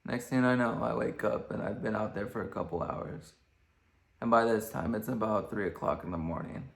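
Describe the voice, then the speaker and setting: A man's voice: fairly low pitch, steady tone, normal speed, gravelly. A young man casually telling a rambling story as a vlogger, with lots of fillers. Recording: echoey room.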